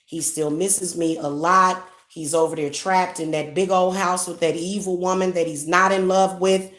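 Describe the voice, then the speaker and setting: Reverberant and low-pitched, a woman delivers a casual livestream monologue as a spiritual reader and host. She keeps preaching and scolding, indignant and repetitive, often stumbling and starting over.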